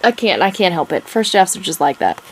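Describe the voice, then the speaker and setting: Excitable young woman gushing over her writing. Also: on the low side, fairly quick, slight background noise, poor audio. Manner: gushing, excitable, laughs often. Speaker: author vlogger. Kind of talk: casual vlog chat, reading her draft aloud.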